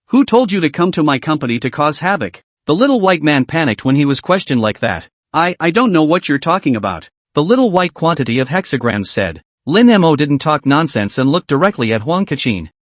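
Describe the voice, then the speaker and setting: A man's voice: fairly high pitch, dry recording. A man narrating a story recap, reading all the dialogue in the same narrating voice.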